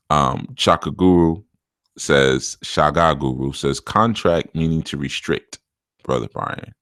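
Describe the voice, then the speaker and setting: Middle aged guy, super low voice, dry mic, chill spiritual teacher reading chat comments and laughing a lot. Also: slow, dry recording. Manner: relaxed and chatty, laughs often, says "man" a lot. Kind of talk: casual live-stream teaching, reading viewer comments.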